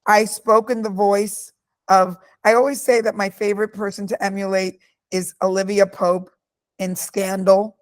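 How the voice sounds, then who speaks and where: A middle-aged woman in an interview, telling stories about her life with emphatic, forceful delivery. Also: mid-range voice, level tone, moderate pace. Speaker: guest speaker. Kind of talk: candid interview answers.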